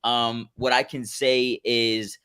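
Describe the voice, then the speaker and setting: A man judging a sales call in a relaxed, loose way. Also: medium pitch, takes it slowly, smooth. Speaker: judge. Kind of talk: critique.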